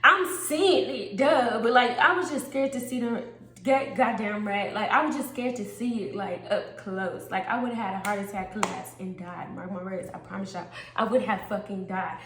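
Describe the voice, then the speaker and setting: A woman telling a wild story in an animated, profane, laughing way. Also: mid-range voice, moderate pace, reverberant. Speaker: storytime vlogger. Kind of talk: casual storytime monologue.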